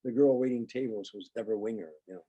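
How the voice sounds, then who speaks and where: An older man, a comedian guest, telling lively anecdotes in an interview and acting out the dialogue. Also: lowish voice, fast, husky, dull audio. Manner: animated anecdotes, acts out quoted dialogue. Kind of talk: storytelling interview.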